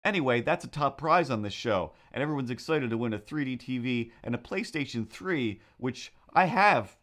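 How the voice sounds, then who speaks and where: A man's voice: mid-range voice, fairly bright tone. A man hosting a drawing livestream, chatting casually in a rambling, sarcastic way with frequent restarts. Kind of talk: casual chat.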